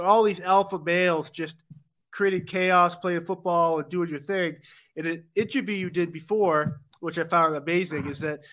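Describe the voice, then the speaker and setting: A man's voice: high-pitched, a bit bright. A man hosting an interview, asking eager, rambling questions. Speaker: interviewer host.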